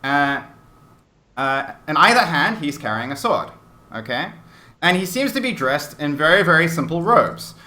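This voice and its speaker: Casting note: male game master, bright forceful voice, descriptive, lots of "like" and "uh". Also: a little high, very animated, normal speed. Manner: descriptive, hesitant with many fillers. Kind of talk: narrating a tabletop game.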